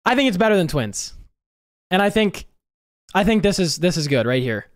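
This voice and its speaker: A music producer giving casual, emphatic reaction commentary, excitable and given to repeating words and swearing. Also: mid-range voice, normal speed, no echo, clean studio sound. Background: game chase music playing faintly.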